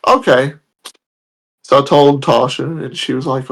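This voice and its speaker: A man's voice: mid-range voice, steady tone, unhurried. A man telling a story in a casual, blunt, heated way, swearing freely. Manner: blunt, profane, heated retelling. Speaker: podcast guest telling a story.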